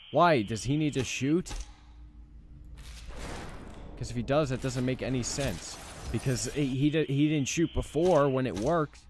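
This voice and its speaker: A man's voice: on the high side, a little hiss or hum. A young man giving let's play commentary as he plays, frustrated, swearing and repeating himself. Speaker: gaming channel host.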